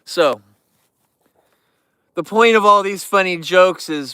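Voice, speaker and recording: A man's voice: high-pitched, slow, long pauses, sharp tone, clean tone, dry recording, clean studio sound. Goofy, young-sounding man livestreaming. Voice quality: youthful-sounding. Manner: joking, goofy, chatty. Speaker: livestream host. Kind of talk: casual livestream chat.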